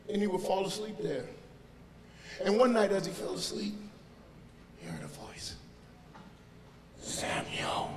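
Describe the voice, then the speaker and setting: A man pastor preaching a sermon, telling the story with animated voices and building up to shouts, heard in a large church sanctuary over long reverb with the congregation. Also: sits high.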